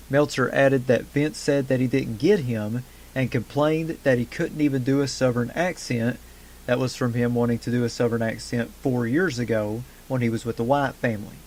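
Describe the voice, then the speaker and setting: A man's voice: mid-range voice, darkish tone. A man hosting a wrestling news podcast, reading the day's stories from a script and adding casual fan asides. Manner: brisk headline delivery with casual fan asides. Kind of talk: news roundup read from a script.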